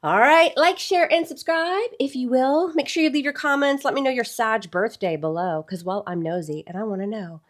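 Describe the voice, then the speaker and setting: A woman's voice: on the high side, normal speed, hardly any pauses. Chatty woman giving a tarot reading. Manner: chatty, addresses viewers as "y'all". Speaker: tarot reader. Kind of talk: casual tarot reading to camera.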